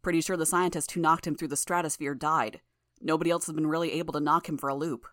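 A woman voicing a stubborn man who leads a team of capes, speaking in a flat, matter-of-fact way in an audiobook reading. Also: low voice, fast, no room sound, studio quality. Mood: steady, blunt. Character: steady male cape leader, stubborn and guarded.

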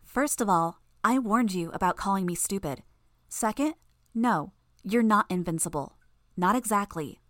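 A woman's voice: medium pitch, expressive, normal speed, dry recording, clean studio sound, close to an everyday voice. A woman voicing a smug young female villain who is injured and talks through the pain. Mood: cocky. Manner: strained, clipped, knowing.

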